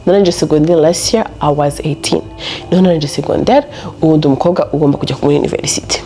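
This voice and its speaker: A young woman telling a story to camera in a casual vlog, animated and laughing often as she switches between Kinyarwanda and English. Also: low-pitched, very fast, soft background music. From Rwanda. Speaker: storytelling vlogger.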